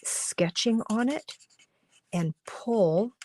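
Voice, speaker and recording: A woman's voice: fairly high pitch, very slow, a little mellow. A woman hosting a live-streamed card-making class from her home studio, chatting and explaining as she colors, and losing her voice. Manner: chatty and instructive, talking while coloring, often drops to a murmur. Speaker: crafting class host. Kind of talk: live-streamed craft demonstration.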